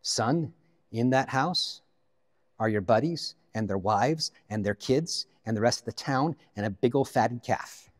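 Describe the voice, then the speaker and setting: A man's voice: mid-range voice, lively intonation, measured pace, in a large hall. A man voicing a loving father who pleads with and scolds his older son. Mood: exasperated. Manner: pleading, exasperated.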